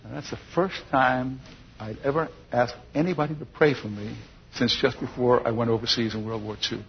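An older man telling his personal testimony to an audience as a chuckling, lively storyteller. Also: mid-range voice, moderate pace, gravelly, a little hiss or hum. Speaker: speaker giving a personal testimony. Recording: dull lo-fi recording with long hall reverb.

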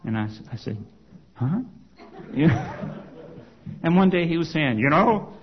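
A man's voice: on the high side, expressive, measured pace, muffled recording. A man, a former congregation elder, telling his personal testimony to an audience in a conversational storytelling way, full of "you know" and "okay?" asides.

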